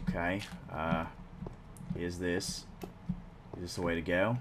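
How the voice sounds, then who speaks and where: A man giving casual gameplay commentary as host, excitable, swearing casually and talking to himself. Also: sits low, takes it slowly, long pauses. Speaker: let's play host. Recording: clear background noise.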